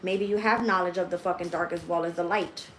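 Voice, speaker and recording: A woman's voice: lowish voice, steady tone, fairly quick, echoey room, a little hiss or hum, low-quality recording. A woman giving a livestream tarot reading. She talks straight to her viewers, blunt and heavily profane, and thinks aloud as she turns the cards. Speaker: tarot reader.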